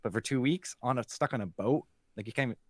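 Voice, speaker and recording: A man's voice: mid-range voice, quick pace, no room sound. A man co-hosting a podcast in casual chat, blunt and jokey, with a lot of swearing. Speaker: podcast co-host.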